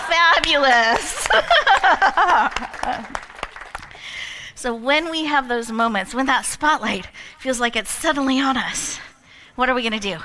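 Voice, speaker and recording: Bright, playful woman emceeing. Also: on the high side. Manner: animated, laughs often, leads the crowd. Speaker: event emcee. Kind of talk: playful motivational storytelling to a live audience. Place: event hall with an audience.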